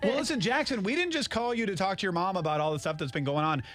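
A man's voice: high-pitched, quick pace, fairly bright tone. A man hosting a morning radio show, chatting casually and upbeat with lots of fillers. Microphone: studio mic.

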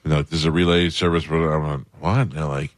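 A man's voice: rumbling low, flat delivery, fast, dry recording. A man hosting a radio show, chatting casually with a guest and telling his own stories. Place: radio studio.

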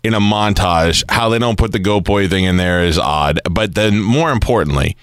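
A man's voice: sits low, normal speed, clean tone, no room sound, clean studio sound. A man hosting a casual radio interview, chatty and asking probing questions. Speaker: radio host.

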